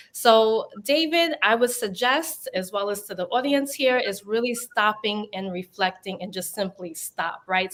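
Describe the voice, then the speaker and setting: A woman therapist on a panel, explaining in an earnest, thinking-aloud way. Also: mid-range voice. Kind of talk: panel discussion.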